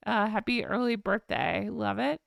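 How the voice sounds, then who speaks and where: A woman hosting a casual live chat from home, talking quickly and excitably. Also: medium pitch, gravelly, no echo, studio quality. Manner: rapid, excitable chatter. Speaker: livestream host.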